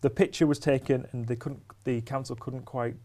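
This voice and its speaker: A man co-presenting local news in a casual studio chat, pausing often with ums and restarts. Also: medium pitch, steady tone, mellow. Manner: hesitant, lots of ums and restarts.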